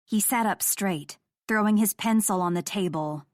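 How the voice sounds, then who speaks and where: A woman's voice: medium pitch, moderate pace, no echo, studio quality. Woman narrating a romance audiobook.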